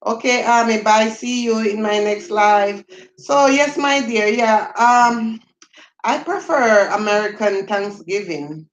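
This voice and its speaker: A middle-aged Jamaican woman hosting a casual livestream. She talks in a relaxed, chatty way, reading out viewer comments and answering them between stories. Her Jamaican accent runs through everything she says. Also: on the high side, takes it slowly, echoey room, poor audio. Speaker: livestream host.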